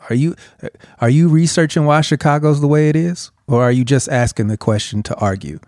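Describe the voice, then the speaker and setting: A man's voice: fairly high pitch, fairly quick, a little mellow, dry recording, studio quality. A man co-hosting a podcast, ranting emphatically in casual chat and swearing freely. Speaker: podcast co-host.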